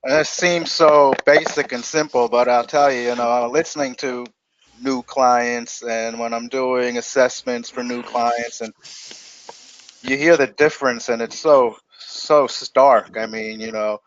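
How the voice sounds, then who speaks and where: A man's voice: medium pitch, unhurried, dry recording. Man chatting over dull call audio. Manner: relaxed, conversational, mimics reps.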